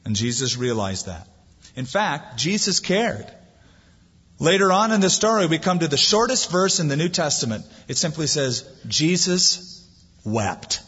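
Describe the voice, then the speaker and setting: A man preaching a sermon, animated as he acts out the voices in the story. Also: on the high side, unhurried, husky. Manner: lively preaching, acting out quoted voices. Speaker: pastor. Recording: dull lo-fi sound, long hall reverb.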